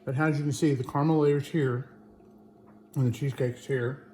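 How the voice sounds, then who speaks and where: A man's voice: mid-range voice, steady tone, moderate pace, dark tone. Playful guy doing a home cooking vid, kitchen kinda echoey, faint hum behind. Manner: chatty, playful, talks to viewers. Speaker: cooking channel host. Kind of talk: casual home cooking demo.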